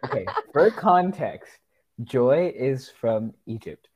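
A man in a casual chat, explaining things excitedly and repeating words. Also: medium pitch, takes it slowly, slightly rough, dull audio.

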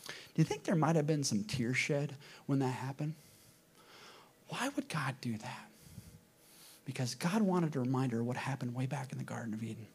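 A man preaching a sermon to his congregation, asking them questions and swinging between loud emphasis and hushed moments. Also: medium pitch, fast, gravelly, slightly rough. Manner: addresses congregation directly with questions. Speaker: pastor.

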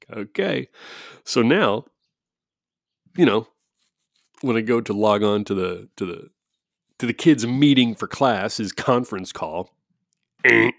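A man at home, rambling casually into a microphone and breaking into chuckles and mock-quoted asides. His voice sits at an ordinary middle pitch. The sound is dry and close, with no room echo. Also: expressive, slow pace, creaky, long pauses, a bit bright. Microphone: studio-style microphone.

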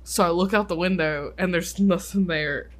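A young adult podcast co-host telling stories in a casual chat, full of filler "likes" and sudden quick bursts. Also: mid-range voice, a bit bright.

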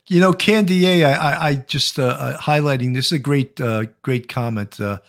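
Steady-talking retired cop host. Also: male voice, mid-range voice, moderate pace. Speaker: retired police officer co-hosting a live show. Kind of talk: casual livestream commentary.

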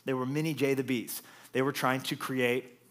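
Animated male preacher. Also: mid-range voice, moderate pace. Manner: animated, jokey, acts out quotes with playful voices. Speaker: pastor. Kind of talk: lively sermon.

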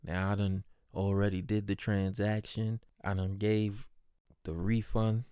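Low, mellow-voiced man telling a workday story. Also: measured pace, smooth, no room sound, clean studio sound. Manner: animated, swears freely, mimics people he talks about. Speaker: postal clerk. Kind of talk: casual storytelling about his workday.

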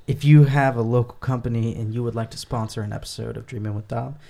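Man, mid-pitched voice, upbeat host, joking, casual. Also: steady tone, fast talker, gravelly, dark tone. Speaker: podcast host. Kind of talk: casual podcast chat.

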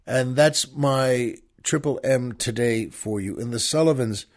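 A man's voice: mid-range voice, measured pace. A man hosting a show, chatting folksily with listeners and introducing a poem and a film. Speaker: radio show host. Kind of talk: folksy show talk and poetry reading.

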